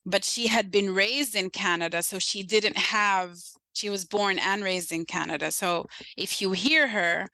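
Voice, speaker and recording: A woman guest in a conversational interview, telling her story in an emphatic, animated way. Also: mid-range voice, a little slow, few pauses, no echo, poor audio. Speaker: podcast guest.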